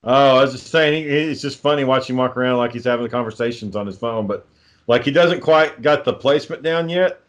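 A man's voice: mid-range voice, fairly quick. A man telling dry, profane anecdotes in casual podcast chat. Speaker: co-host.

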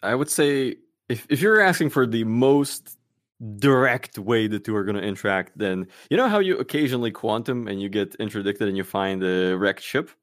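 A man takes part in a casual panel chat, explaining ideas in an easygoing way. His pitch is animated and lively, climbing and dipping through each sentence while the tone stays relaxed. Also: normal speed.

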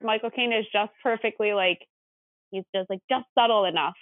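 A woman in casual podcast chat who makes joking, quick asides. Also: mid-range voice, no echo. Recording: tinny phone-like line.

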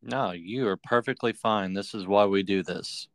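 A man's voice: fairly low pitch, moderate pace, dry recording. A man hosting a political podcast, chatting bluntly and casually, often agreeing and swearing now and then. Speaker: podcast host.

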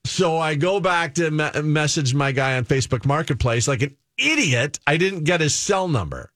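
A man's voice: a little high, animated, moderate pace, a bit bright, no room sound, studio quality. A man casually telling a long personal story as a guest, rambling with many fillers and restarts and acting out other people's lines.

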